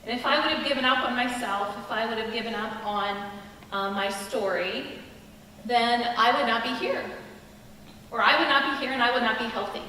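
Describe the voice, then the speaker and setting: A middle-aged woman giving an earnest, confiding personal testimony as a chapel speaker, with pauses and restarts. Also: a little high, sharp tone, slight background noise. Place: school chapel hall. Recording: echoey hall from a distant mic.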